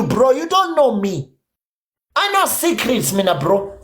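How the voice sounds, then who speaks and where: A man's voice: high-pitched, big pitch swings, moderate pace. Combative South African man ranting on a livestream. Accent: South African, Zulu. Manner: combative, profane, mixes English with Zulu. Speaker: livestream host. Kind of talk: heated livestream rant.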